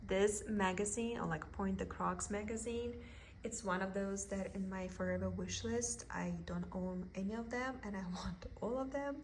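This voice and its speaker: A woman with a thick Russian accent, a vlogger chatting excitedly about her cross stitch haul at home. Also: medium pitch, a little hiss or hum. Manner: gushing, excited, with soft giggles. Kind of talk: casual haul video.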